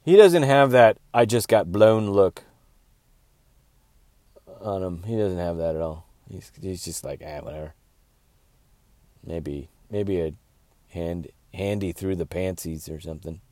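A man's voice: low voice, lively intonation, unhurried, warm tone, dry recording. A man hosting his own show, telling rambling, crude comedy stories in a casual monologue. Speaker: podcast host, comedian.

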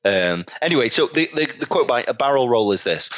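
Brief: male podcast co-host, bright forward tone, jokey banter. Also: medium pitch, expressive, brisk, hardly any pauses. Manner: jokey, reads comments aloud. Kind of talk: casual chat, laughing and swearing.

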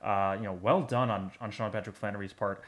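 A man's voice: on the low side, fairly even intonation, brisk, fairly bright tone. A man co-hosting a podcast in casual chat, enthusiastic and rambling with lots of fillers. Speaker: podcast co-host.

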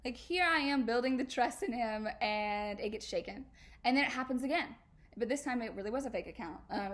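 A young woman talks straight to her listeners in a candid podcast chat. Her voice sits a bit high, and her casual slangy delivery jumps into loud emphatic bursts and frequent laughs. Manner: animated, slangy, laughs often, emphatic outbursts. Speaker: podcast host.

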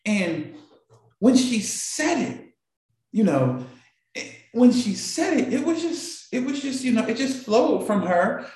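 A man's voice: extremely high pitch, big pitch swings, slow pace, a little mellow. A man hosting a morning show, giving an emotional motivational talk to a live audience and repeating phrases for emphasis. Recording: very echoey room.

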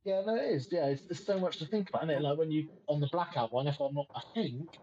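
Young man, higher voice, animated podcast guest, muffled slightly noisy line. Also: fast talker. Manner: animated storyteller, laughs. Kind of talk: casual chat.

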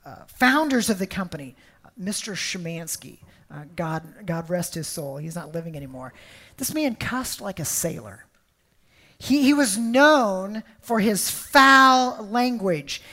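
A woman's voice: medium pitch, a bit bright. A woman preaching a sermon, emphatic and storytelling, often repeating words.

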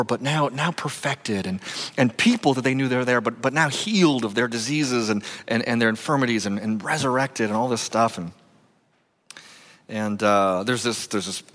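A man pastor preaching a lively, conversational sermon full of restarts and asides. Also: mid-range voice. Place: church sanctuary. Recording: long hall reverb.

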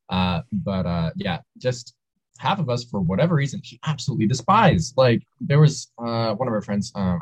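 A man's voice: sits low, darkish tone, slightly rough, dry recording, poor audio. A young man chatting casually, rambling with lots of hesitations. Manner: rambling, hesitant, full of fillers. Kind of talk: casual chat.

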